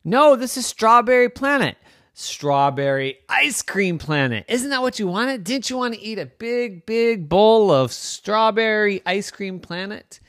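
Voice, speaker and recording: A man voicing an excited, chatty comet in a bedtime story, eager to help. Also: sits high, a little slow, no room sound, clean studio sound, pitched above the performer's own voice, heavily acted.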